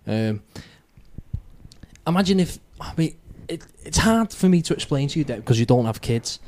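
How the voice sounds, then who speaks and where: A man's voice: fairly high pitch, animated, normal speed, a little mellow. A man hosting a podcast, rambling through his opinions with lots of swearing. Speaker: podcast host. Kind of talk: casual podcast chat.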